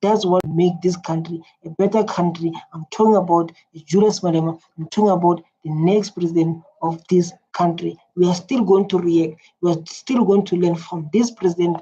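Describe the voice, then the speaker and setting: A woman's voice: on the low side, steady tone, moderate pace, few pauses, dark tone, husky. A South African woman giving emphatic, repetitive political reaction commentary with many fillers. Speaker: reaction video host. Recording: dull lo-fi with faint noise.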